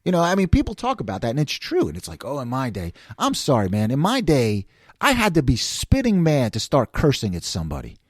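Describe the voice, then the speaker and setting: A man's voice: on the high side, huge pitch swings, brisk, dry recording, clean studio sound. A man in his fifties from the New York City area with a New York accent, telling stories in a casual monologue, acting out quoted voices and laughing often. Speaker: podcast host.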